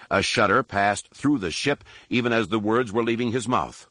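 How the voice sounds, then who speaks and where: A man narrating a science fiction audiobook in a steady, measured way. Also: lowish voice, dry recording. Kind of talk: scripted narration.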